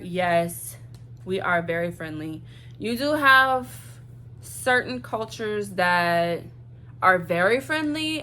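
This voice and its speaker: A woman's voice: medium pitch, fairly bright tone, a little hiss or hum. A young woman from Louisiana with a Southern accent, chatting bluntly and profanely to camera in a vlog, hammering points home with repetition. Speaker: vlogger. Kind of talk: casual chat to camera.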